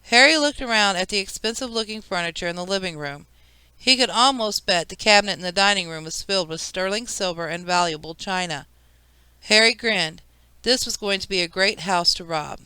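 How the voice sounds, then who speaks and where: Lady reading a kids audiobook, bright crisp voice, dry sound. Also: medium pitch, brisk, no echo. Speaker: audiobook narrator. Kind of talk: scripted narration.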